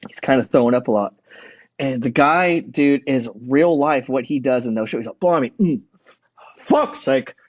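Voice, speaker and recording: A man's voice: mid-range voice, moderate pace, no room sound, lo-fi sound. A man in his thirties, a podcast guest, telling stories in casual chat, acting out quotes and swearing a lot.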